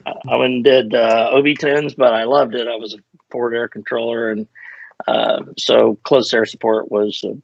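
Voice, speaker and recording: A man's voice: medium pitch, little pitch movement, moderate pace, vocal fry, no echo. An older man, a retired fighter pilot, telling stories in a casual interview and wandering off on tangents with self-deprecating humor. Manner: rambling, self-deprecating, digressive. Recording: muffled lo-fi audio.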